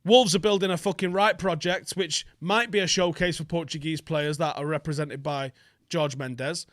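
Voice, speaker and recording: A man's voice: fairly high pitch, fairly bright tone, no echo, clean studio sound. A young man hosting a football fan vlog, ranting in an angry, sweary, emphatic way. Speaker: football fan channel host.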